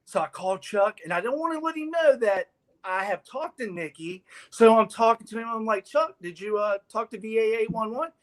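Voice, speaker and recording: A man, a guest on a talk show, telling an animated story and acting out the people in it. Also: sits high, brisk. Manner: lively, laughing, acts out the people in his story. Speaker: guest sponsor representative.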